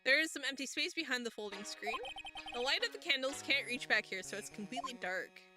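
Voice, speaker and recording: A woman's voice: high voice, animated, fast talker. A woman reading a game aloud, voicing a young male lawyer's dry, wry inner monologue in her own voice. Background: game music.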